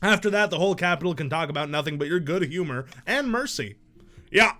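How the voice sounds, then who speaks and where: Animated male game streamer, reading aloud. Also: a little high, fairly quick. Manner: animated, jokey, bursts into loud shouts.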